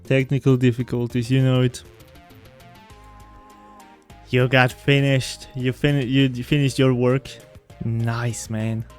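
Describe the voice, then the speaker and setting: Slow-talking chatty male streamer. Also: medium pitch, little pitch movement, faint music behind. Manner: rambling, chatty, often laughing. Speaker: game streamer. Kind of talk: casual gameplay chat.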